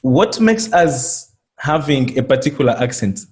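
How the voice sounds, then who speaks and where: A man's voice: mid-range voice, very animated, a little slow, a little mellow. A man from Congo, a French speaker, hosting a casual conversation. He talks earnestly and often repeats words as he starts a thought. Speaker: host.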